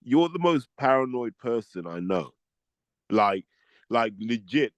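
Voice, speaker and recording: A man's voice: medium pitch, sing-song, slow pace, no echo. A man, co-hosting a casual chat, blunt and opinionated, with lots of "like". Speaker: podcast co-host.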